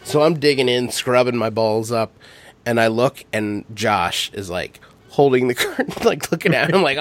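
A man's voice: mid-range voice, very animated, moderate pace. A man hosting a podcast, telling crude stories in casual chat, swearing freely and laughing as he talks. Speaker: podcast host.

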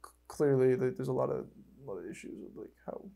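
A young man hosting a podcast in casual chat, rambling and excitable, with lots of fillers and swearing. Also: mid-range voice, quick pace, gravelly. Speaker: podcast host.

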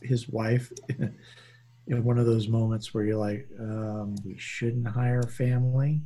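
A man's voice: mid-range voice, level tone, measured pace, warm tone. A man co-hosting a casual podcast, telling rambling anecdotes and slipping into voices for the people in them. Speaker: podcast co-host. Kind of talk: casual chat, storytelling.

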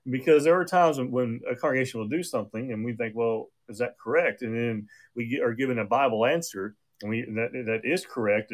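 A man preaching a sermon in a conversational way, often restarting his sentences, with an occasional cough. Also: mid-range voice. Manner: conversational with frequent restarts and fillers.

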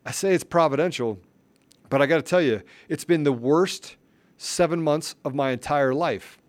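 A man's voice: a little high, moderate pace. A man hosting a podcast, delivering impassioned political commentary with emphatic, repeated phrases. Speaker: podcast host.

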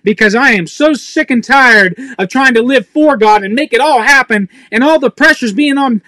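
Man, very high-pitched, bright tone, intense emotional sermon, pleading. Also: moderate pace, hardly any pauses, no room sound. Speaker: preacher.

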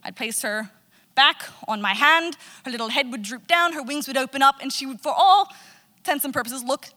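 Bright-voiced woman telling a funny story. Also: high voice, a little fast. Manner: animated, laughing, self-mocking. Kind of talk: personal storytelling. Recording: long reverb.

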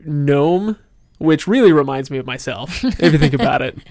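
A man's voice: fairly high pitch, expressive, normal speed, darkish tone, no room sound. A man hosting a casual book discussion podcast, steering the talk with questions and dry self-mocking jokes. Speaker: podcast host.

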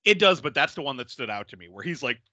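Speaking quickly in a mid-range voice, a male podcast host recaps movies in a laid-back way. His storytelling is lively, punctuated by frequent laughter and plenty of profanity.

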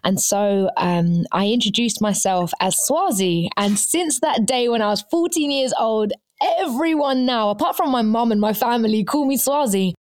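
A woman guest on a podcast, telling stories in a lively, laughing way. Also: fairly high pitch, moderate pace, hardly any pauses. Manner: animated storytelling, laughs often. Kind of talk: casual podcast chat.

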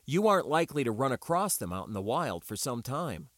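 A man reading an audiobook and voicing a round, easygoing male weapons instructor who lectures in a relaxed, explanatory way. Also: mid-range voice, fairly quick, no echo, studio quality, pitched above the performer's own voice. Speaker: teacher. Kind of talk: audiobook character voice.

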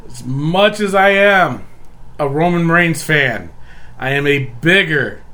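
A man's voice: a little high, expressive, takes it slowly, sharp tone. A man hosting a casual podcast chat, laughing often as he runs the discussion. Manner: laughs often, tiebreaker running the bracket. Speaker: podcast host.

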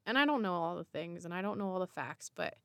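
Woman podcast host, solo reflective talk, warmly encouraging, pausing often, dry close sound. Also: on the low side, lively intonation, clean tone, dry recording. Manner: encouraging, unhurried, with pauses and restarts.

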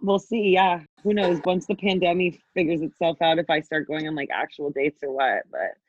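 Frank woman podcast guest in her twenties, swears freely, lowish voice on a dull dry recording. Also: normal speed, a little hiss or hum. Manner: candid, swears freely, acts out quotes. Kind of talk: casual storytelling.

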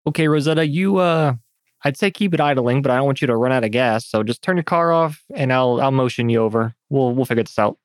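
A man playing a character in a tabletop game, lively and self-mocking, often laughing. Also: medium pitch, fast, no room sound. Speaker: player.

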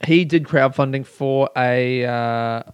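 A man's voice: medium pitch, slow pace, smooth, no echo, lo-fi sound. A young man hosting a solo podcast, rambling candidly, swearing freely and laughing at himself. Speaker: podcast host.

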